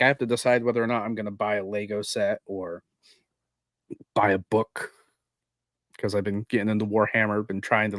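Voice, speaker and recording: A man co-hosting a casual chat, a relaxed listener with wry asides about gaming as a dad. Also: on the low side, no echo, studio quality. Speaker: podcast co-host.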